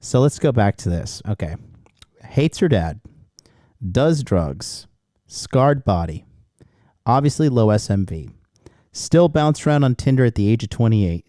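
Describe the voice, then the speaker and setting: A man's voice: mid-range voice, sing-song, unhurried, long pauses, warm tone, no room sound, studio quality. A man reacting to a podcast clip with scornful, profane commentary.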